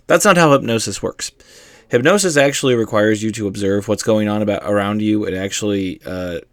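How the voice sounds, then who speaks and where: Rambling, low-voiced man explaining. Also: no room sound, clean studio sound. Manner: rambling, with frequent fillers and casual swearing. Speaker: host explaining hypnosis. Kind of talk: casual explanatory monologue.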